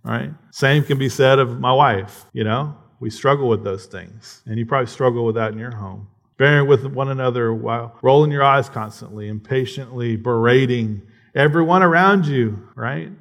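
A man's voice: mid-range voice, normal speed, gravelly. A man preaching a conversational sermon, often checking in with "right?" and building to emphatic passages. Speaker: pastor.

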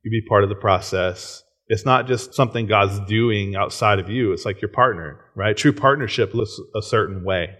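A man's voice: fairly low pitch, moderate pace, few pauses, a bit bright. A man in his thirties preaching a sermon in a casual, conversational way, often checking in with "right?" and chuckling. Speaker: pastor.

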